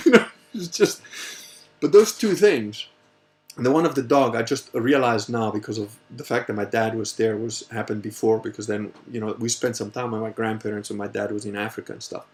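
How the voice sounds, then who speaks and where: A man hosting a casual Q&A livestream, telling a story in a rambling, animated way and swearing freely. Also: fairly low pitch, fairly quick. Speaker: host answering viewer questions.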